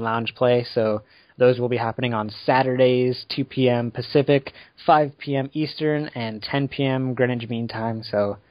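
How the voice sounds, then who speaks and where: This man, a podcast host, keeps the casual chat loose and meandering, tossing in fillers and laughs between ideas in an easygoing manner. The medium-pitched voice is recorded dry and up close, giving a dull, lo-fi sound.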